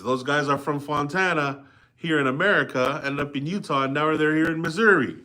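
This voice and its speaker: A man's voice: a little high, pushed and bright. A middle-aged man reading a history book aloud live, stopping in a conversational way to explain and ask his listeners. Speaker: reader and commentator.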